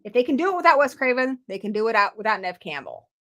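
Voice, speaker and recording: A woman with a General American accent hosting a live reaction chat, excitable, playful and teasing. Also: a little high, fast talker, a crowd in the background. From United States. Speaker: host.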